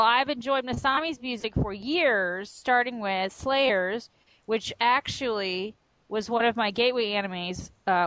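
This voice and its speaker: A young adult woman co-hosting a podcast, chatting in a teasing, halting way. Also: medium pitch, a bit bright, no room sound, rough recording. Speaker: podcast co-host. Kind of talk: casual chat.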